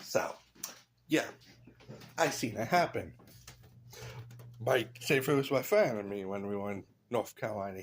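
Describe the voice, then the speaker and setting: A man's voice: mid-range voice, slightly rough. A man in a casual vlog, rambling through blunt opinions with loose asides. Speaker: vlogger.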